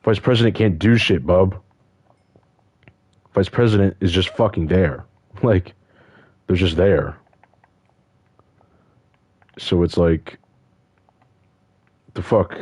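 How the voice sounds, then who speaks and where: Deep-voiced man ranting profanely. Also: slow pace, pauses often, a little mellow, slightly rough, dry recording. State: upset. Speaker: vlogger. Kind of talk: angry casual rant.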